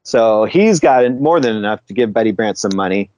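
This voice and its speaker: A man's voice: fairly low pitch, expressive, normal speed, darkish tone, dry recording. A man co-hosting a podcast, retelling a comic book story in loose, casual chat, chuckling often and swearing now and then. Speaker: podcast co-host.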